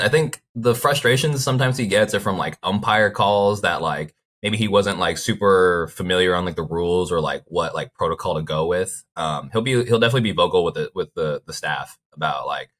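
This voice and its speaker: A man's voice: low voice, fairly bright tone. A young man, a baseball player, chatting casually in an interview and telling rambling stories full of "like" fillers. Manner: rambling storyteller, frequent "like" fillers.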